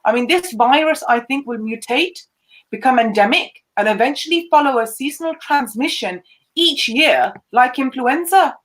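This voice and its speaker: A woman's voice: sits high, expressive, normal speed, a bit bright, low-quality recording. A woman who is a public speaking coach, chatting casually and explaining her points earnestly. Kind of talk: casual chat.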